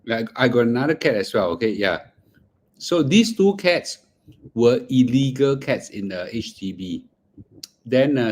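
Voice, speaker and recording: A man's voice: lowish voice, a little mellow. A middle-aged man with a Singaporean English accent, hosting a casual livestream, chatting in Singlish with bits of Mandarin and murmuring between bites. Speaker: finance livestream host.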